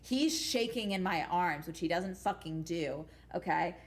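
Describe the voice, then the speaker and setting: A woman's voice: lowish voice, lively intonation, a little slow. A woman livestreaming from home, telling rambling stories to her chat in a casual, profane, emphatic way and tagging sentences with "okay?". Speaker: livestream host chatting with viewers.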